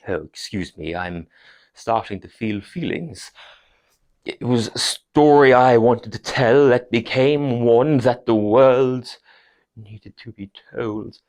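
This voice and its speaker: A man voicing a self-important comedian who talks in a hushed, affected and pompous way. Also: on the low side, pitched below the performer's own voice.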